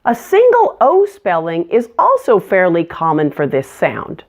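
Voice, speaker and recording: Slow, lively-voiced woman teaching pronunciation. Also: fairly low pitch. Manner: clear, deliberate modeling of words. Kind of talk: scripted pronunciation lesson.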